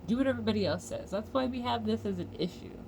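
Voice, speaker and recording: An American woman vlogger delivering a heated, profane commentary rant with loud outbursts. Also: medium pitch, fast talker, gravelly, background noise.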